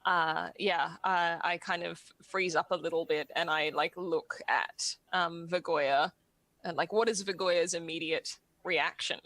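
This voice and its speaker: A woman's voice: fairly low pitch, fairly even intonation, unhurried, fairly bright tone, no room sound. A woman playing a tabletop game, thinking aloud with many hesitations and fillers. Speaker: player. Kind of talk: tabletop role-play in character and out.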